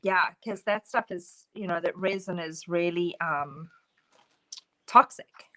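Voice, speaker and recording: A woman chatting casually while painting a craft project, talkative and quick to laugh. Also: lowish voice, noisy background. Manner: chatty, laughs often, talks to her pet birds. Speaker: craft stream co-host.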